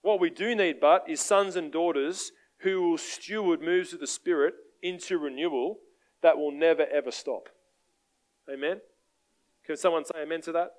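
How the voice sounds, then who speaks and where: Animated Australian preacher man, higher-pitched. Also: moderate pace. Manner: animated, conversational, asks the crowd for amens. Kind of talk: sermon with storytelling.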